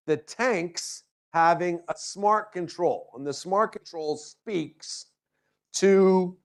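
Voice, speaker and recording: A male university lecturer giving a classroom lecture, tossing out rhetorical questions and light joking asides to his students. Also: a little high. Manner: checks in with frequent rhetorical questions.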